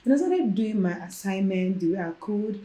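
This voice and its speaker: A woman's voice: medium pitch, moderate pace. A young woman with a Nigerian accent, a podcast guest who tells her personal story casually and acts out the lines of the people in it. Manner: animated, acts out quoted dialogue. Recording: roomy echo.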